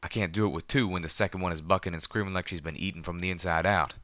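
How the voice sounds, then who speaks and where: Man doing a gruff pegasus stallion. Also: sits low, fairly even intonation, brisk, a bit bright, no echo. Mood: angry. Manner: drawling, scolding. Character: gruff southern male pegasus, hot-tempered but protective.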